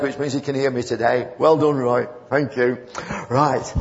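A man's voice: mid-range voice, steady tone, normal speed, gravelly, hardly any pauses. A man preaching an informal sermon, telling stories in a rambling, conversational way and building to fervent emphasis. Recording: muffled church recording with long reverb.

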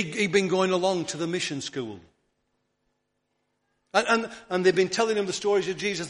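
Man, preaching a sermon, earnest, stumbling restarts, fairly high voice. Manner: drops to a soft near-whisper on key words.

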